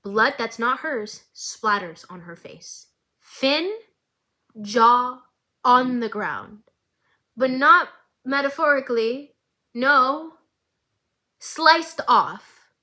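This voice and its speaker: Woman vlogger, bright and forceful, dramatic casual recap. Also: high voice, extremely slow, pauses often. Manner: animated, dramatic storytelling.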